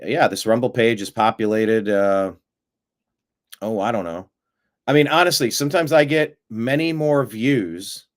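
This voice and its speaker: A man hosting a live-streamed political commentary show, talking in an animated way with sarcastic asides and frequent fillers. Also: fairly low pitch. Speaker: host of a political news show.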